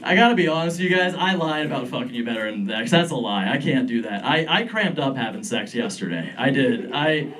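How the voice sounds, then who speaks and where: A man's voice: medium pitch, animated, fairly quick, a bit bright, far from the mic. A young man doing a stand-up set in a comedy club, rambling and chuckling at his own jokes. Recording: club room, crowd laughter. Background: audience laughter.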